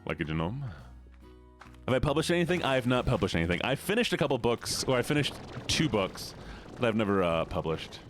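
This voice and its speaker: A chatty man with a Midwestern American accent, rambling through a casual stream. His pitch swings up and down a lot as he reacts to chat. Soft music plays faintly behind him. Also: sing-song, a little fast. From United States. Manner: chatty, rambling, laughs often, reads chat aloud. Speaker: VTuber streamer.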